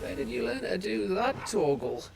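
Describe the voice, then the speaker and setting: A gruff companion in a video game, with a fairly high, gravelly voice. He talks bluntly and swears freely, with game music behind him. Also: sing-song, moderate pace, full character voice.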